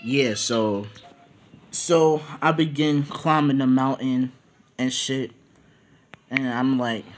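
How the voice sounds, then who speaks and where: A man's voice: medium pitch, slow pace, pauses often. Young man rambling through a story. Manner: rambling, slangy, many fillers. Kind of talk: casual improvised storytelling.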